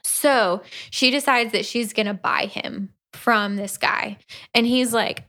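Podcast co-host, woman, lively casual recap voice, a touch high. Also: slow pace. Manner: animated retelling with playful voices for characters. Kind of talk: casual book-review chat.

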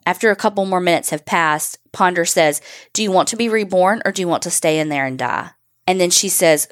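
A woman's voice: on the low side, fairly quick. A woman co-hosting a podcast, telling a true crime story casually and bluntly, reading out quotes and swearing along the way.

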